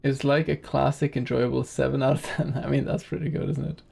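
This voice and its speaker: A man's voice: medium pitch, level tone, fairly quick, gravelly, dark tone, slightly rough. A man streaming a game in casual commentary, chatting with viewers in a rambling, easygoing way and laughing easily.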